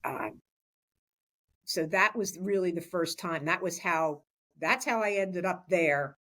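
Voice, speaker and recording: A woman's voice: fairly low pitch, slow, fairly bright tone. A woman in her sixties, a school superintendent, talking in a chatty way with many restarts in a podcast interview. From Philadelphia area, USA.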